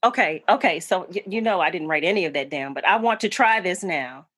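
A woman catching up with an old friend, effusive and quick to laugh, with a slightly husky voice. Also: on the low side, lively intonation, no echo. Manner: effusive and warm, laughing often. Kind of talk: casual chat between old friends.

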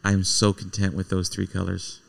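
A man's voice: low-pitched, completely flat delivery, moderate pace, vocal fry. A man in his thirties co-hosting a casual podcast chat, joking and blunt, sleepy and yawning. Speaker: podcast co-host.

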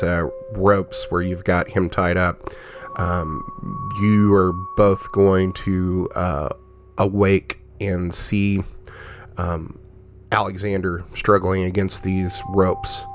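Man, game master, low voice, unhurried, filler-heavy narration. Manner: relaxed, with many fillers. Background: music.

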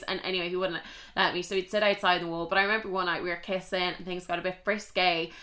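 A woman's voice: fairly low pitch, little pitch movement, quick pace, sharp tone. A young woman with an Irish accent hosting a podcast, telling personal stories in a candid, chatty way and swearing freely. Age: young adult. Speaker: podcast host. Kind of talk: casual confessional storytelling.

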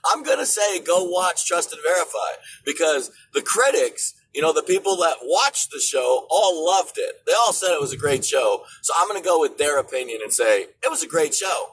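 A man hosting a political commentary show, ranting in an animated way and rising to shouts. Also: a little high, moderate pace, few pauses, a little hiss or hum, low-quality recording. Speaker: show host.

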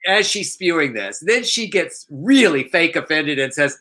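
A man co-hosting a podcast, retelling a news story in lively casual chat with mock quotes. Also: a little high, measured pace, hardly any pauses. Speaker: podcast co-host.

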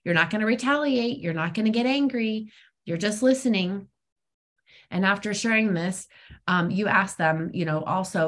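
A middle-aged woman speaking frankly at an online recovery meeting, talking in a loose, conversational way with many pauses and fillers. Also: medium pitch. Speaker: twelve-step meeting speaker. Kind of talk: personal sharing at a recovery meeting. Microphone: online meeting call.

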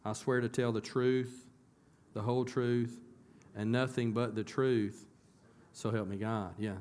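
Conversational pastor preaching a sermon. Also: male voice, mid-range voice, steady tone, a little slow, a little mellow. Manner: conversational preaching, questions to the congregation. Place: church.

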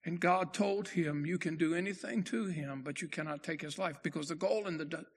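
A man preaching a sermon as pastor, emphatic and slowing down to lift his voice for quoted scripture. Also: a little high, creaky.

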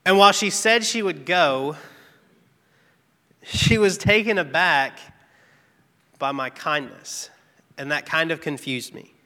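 A man's voice: fairly high pitch, slow pace, long pauses, pushed and bright. A man giving an earnest, candid devotional testimony, telling a personal story about his work. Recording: long reverb, echoey hall.

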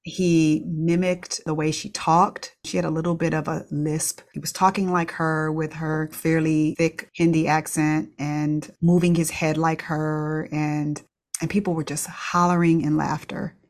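A woman's voice: low-pitched, little pitch movement, unhurried, a little mellow. A middle-aged woman, a pediatrician, candidly telling a personal story with laughs and restarts. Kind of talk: reflective storytelling.

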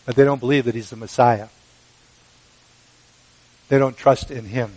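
A man preaching a sermon, measured and emphatic, with dramatic pauses. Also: medium pitch, steady tone, a little mellow, low-quality recording. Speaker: pastor.

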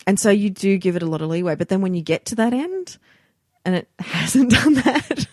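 A woman co-hosting a podcast, talking about books in an animated, emphatic way, often repeating words for stress. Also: medium pitch, normal speed, dry recording, studio quality. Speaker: podcast co-host. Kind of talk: casual book discussion.

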